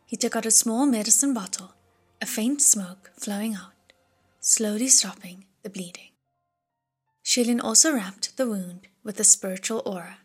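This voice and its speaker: A woman narrating an audiobook chapter in a hushed, breathy reading voice. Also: medium pitch, moderate pace, soft background music.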